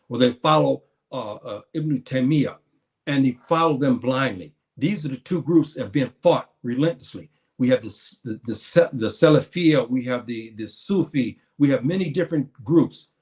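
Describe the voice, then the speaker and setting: Speaking at a moderate pace in a mid-range, darkish voice, this Muslim preacher gives an earnest religious lecture. He addresses the audience as brothers and sisters and frequently starts his phrases over.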